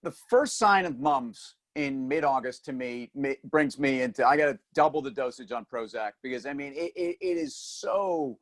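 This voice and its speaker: A man's voice: mid-range voice, moderate pace, few pauses. Wisecracking man co-hosting a finance show. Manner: teasing, wisecracking. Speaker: co-host. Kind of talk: casual banter on a finance show.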